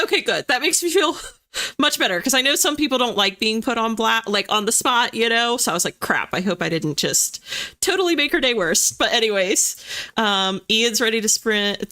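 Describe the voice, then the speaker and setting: Young woman livestream host, chatty and bubbly, pitch that swings all over. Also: moderate pace. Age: young adult. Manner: bubbly, excitable, reads chat aloud. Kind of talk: casual livestream chat. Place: home desk with a chair.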